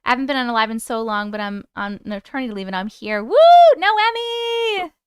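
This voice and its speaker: A woman's voice: mid-range voice, steady tone, fast, a bit bright, clean tone, no echo, studio quality. A young adult woman hosting a live stream, chatting casually and laughing as she reads viewers' comments aloud. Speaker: YouTube live host.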